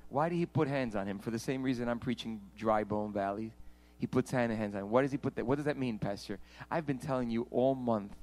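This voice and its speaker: A man preaching a sermon as pastor, swinging from hushed pleading to loud, passionate declarations. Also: mid-range voice, low-quality recording.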